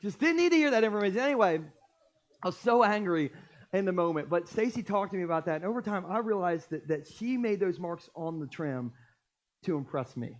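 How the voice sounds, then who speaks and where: A male pastor preaching a sermon in a church, telling stories with jokes and lively, animated delivery. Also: high voice, a little fast. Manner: animated, jokey storytelling. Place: church stage.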